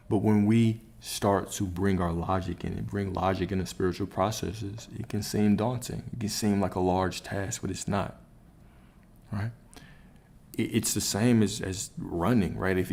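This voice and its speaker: A man with a very low, deep voice talks like a coach on a livestream. He speaks emphatically, repeats his points and often tags a "right?" onto them. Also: vocal fry, dark tone. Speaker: spiritual coach. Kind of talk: motivational livestream talk.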